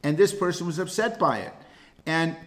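A man's voice: fairly high pitch, animated, moderate pace. Earnest man leading a Bible class. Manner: earnest, repeats words when thinking. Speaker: Bible study teacher. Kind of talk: casual Bible class teaching.

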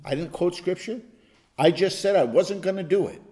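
A male pastor teaching an interactive Bible study, emphatic and animated, at times bursting into loud exclamations. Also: high voice, moderate pace.

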